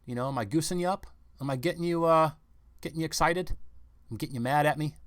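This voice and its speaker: A man's voice: on the high side, fast, dry recording, studio quality. A man giving rambling, confrontational news commentary on his own channel, firing off rhetorical questions. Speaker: vlog commentator.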